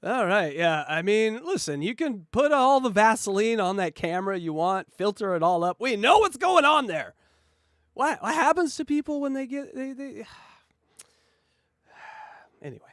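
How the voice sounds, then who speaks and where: A man with a high, very lively voice riffs and mocks his way through clips as a comedy podcast co-host. The sound is close and dry, with no room around it. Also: moderate pace, dry recording. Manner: loud, mocking, jokey fake translations. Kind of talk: riffing commentary over clips.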